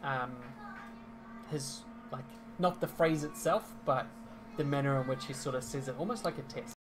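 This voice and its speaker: A man's voice: medium pitch, normal speed, over music. A man narrating as game master in a casual tabletop game, rambling and correcting himself with frequent ums.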